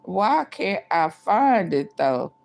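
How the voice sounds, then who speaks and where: A woman's voice: lowish voice, sing-song, slow pace, gravelly, a little mellow. A woman vlogger chatting to her live viewers in a casual, repetitive way. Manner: chatty, repeats herself, talks to viewers. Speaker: livestream vlogger. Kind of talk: casual live-stream commentary.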